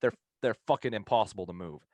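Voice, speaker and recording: Low-voiced man telling a profane story. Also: quick pace, a little mellow, no echo. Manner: profane, rambling, laughs through his story. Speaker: podcast co-host telling a story. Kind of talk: casual podcast storytelling.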